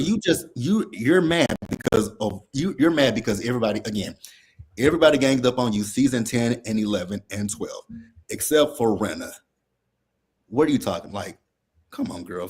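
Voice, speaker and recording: A man's voice: medium pitch, breathy edge. A man co-hosting a casual recap chat, blunt, profane and worked up as he talks. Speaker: podcast co-host.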